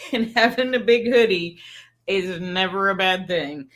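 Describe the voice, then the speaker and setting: A woman's voice: medium pitch, slow, pauses often, fairly bright tone. Chatty, giggly woman in her fifties. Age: 50s. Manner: chatty, laughs often while telling stories. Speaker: livestream host. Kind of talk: casual birthday livestream chat. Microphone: streaming setup mic.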